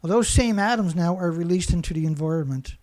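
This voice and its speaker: Fast and high-voiced with a darkish tone, the man hosting this show unleashes an angry monologue. It's heavy on insults and keeps going over the same ground.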